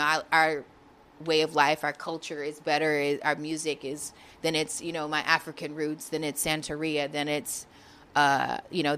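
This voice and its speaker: A woman's voice: sits low, a bit bright. A woman guest on a podcast, making her point in an emphatic way and searching for words as she goes. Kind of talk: casual discussion.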